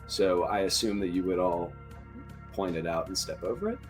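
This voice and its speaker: A man narrating as dungeon master in a joking, relaxed manner. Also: sits low, moderate pace, faint music behind. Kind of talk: narrating a tabletop game.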